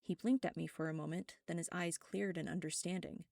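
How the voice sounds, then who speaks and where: A woman reading a first-person web serial aloud, steady and wry. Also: fairly low pitch, fairly quick, creaky, no room sound, clean studio sound. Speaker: narrator.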